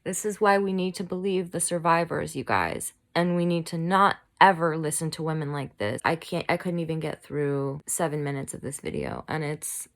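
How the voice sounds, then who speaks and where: Woman, fired-up commentary vlogger; low, gravelly voice, furious and shaky. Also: normal speed, hardly any pauses. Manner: heated, fired-up ranting. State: shaking with anger. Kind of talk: angry personal commentary. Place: home room, bad lighting.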